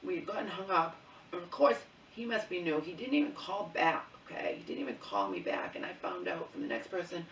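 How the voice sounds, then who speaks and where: Indignant gravelly woman, distant and echoey. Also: lowish voice, lively intonation, brisk, slight background noise. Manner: indignant, swearing, with frequent "okay?" and "you know?". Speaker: vlogger. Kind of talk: ranting personal story. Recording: distant mic in an echoey room.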